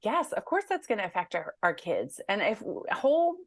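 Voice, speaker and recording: A woman guest on an interview podcast talks in a chatty way, using many fillers and animated asides. Her pitch sits in the middle range. The recording is dry and close. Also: moderate pace, dry recording. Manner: chatty, animated, full of "like" and "you know". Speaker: guest author. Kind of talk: casual interview conversation.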